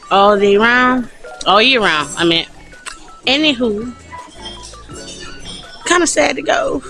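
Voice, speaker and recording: A woman's voice: medium pitch, bright, forceful tone. A young woman vlogging casually into a phone held at arm's length, chatty and self-mocking, rambling and laughing often. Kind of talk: casual vlog chat. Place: bathroom and hotel, indoors.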